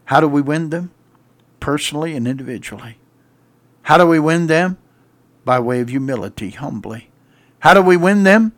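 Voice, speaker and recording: A middle-aged male pastor preaching a radio sermon with rhetorical questions and repeated refrains, swelling to loud emphatic peaks. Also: fairly high pitch, animated, moderate pace, pauses often.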